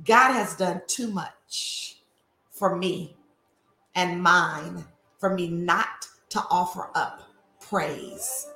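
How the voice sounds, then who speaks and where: A woman's voice: lowish voice, very slow, sharp tone, roomy sound. A woman hosting a prayer call, fervently reciting scripture and greeting listeners with repeated phrases. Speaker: host of a women's prayer call.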